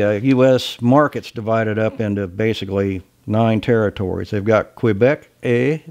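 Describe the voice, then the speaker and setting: A man from Ohio with a slight Southern drawl gives a casual sales lecture. His voice sits low, and his delivery is blunt, folksy and salty. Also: a little mellow. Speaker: sales trainer.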